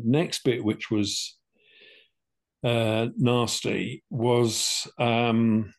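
An older man, casually telling a personal story and acting out both sides of the conversations. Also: medium pitch. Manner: chatty, plain-spoken, acts out both sides of conversations. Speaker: podcast co-host telling his cancer story.

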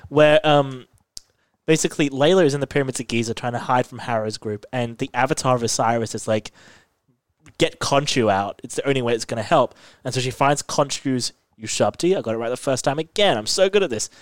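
A man chatting casually as a podcast co-host, recapping a TV episode with loose, rambling energy and constant fillers. His voice sits at an ordinary middle pitch. The recording is close and dry, with no room echo. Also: fast. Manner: rambling, filler-heavy, animated retelling.

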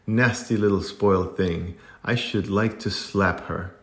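A man with a deep voice voicing a spiteful, scornful schoolgirl in a storybook reading, in an echoey room. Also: measured pace. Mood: nasty. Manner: sneering, mocking.

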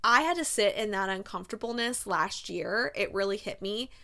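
A woman in her thirties recapping a movie in a chatty, casual way. She fills her speech with filler words and slips into quick quoted lines. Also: medium pitch, lively intonation, bright, forceful tone. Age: 30s. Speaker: movie reviewer.

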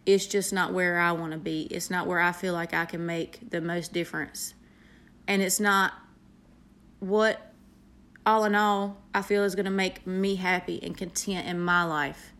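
A woman's voice: on the low side, steady tone, fairly bright tone. A young woman with a Southern US accent, an earnest nurse speaking to her viewers in a motivational vlog. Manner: earnest, heartfelt, with pauses and fillers. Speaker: nurse vlogger.

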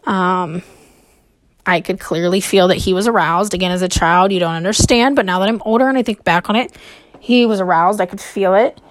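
A woman's voice: medium pitch, a little hiss or hum. Nervous, hesitant woman telling her story. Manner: hesitant, with frequent pauses and fillers. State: nervous and short of breath. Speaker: podcast host. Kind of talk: personal storytelling monologue.

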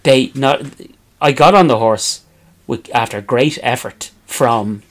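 A man's voice: medium pitch, slow pace. An Irish man with a middling voice, telling stories about himself on a podcast in a casual, self-mocking way. He laughs often and restarts his sentences as he goes. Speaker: podcast co-host. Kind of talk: casual storytelling chat.

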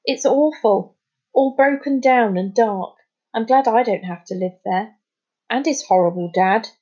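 A woman's voice: fairly high pitch, unhurried, a little mellow, breathy edge. A woman reading as Kyla, an anxious chatty girl. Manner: worried, gushing. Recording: slightly muffled recording.

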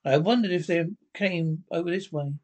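A man's voice: on the high side, moderate pace, darkish tone, close to an everyday voice. A man reading the part of an elderly, hesitant small-town judge in an old radio play, with a rambling, apologetic manner.

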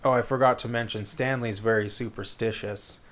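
This man's voice sits on the low side, with fairly even intonation, a normal speed, and a fairly bright tone. Chatting casually, he rambles through a book's plot in a laid-back way, full of fillers and quoted voices.

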